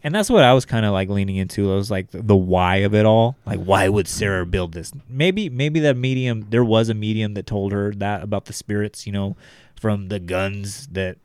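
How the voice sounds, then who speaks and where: Low, smooth-voiced man in casual chat. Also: a little fast, few pauses, darkish tone, no room sound. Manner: laid-back, profane, rambling. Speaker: podcast co-host.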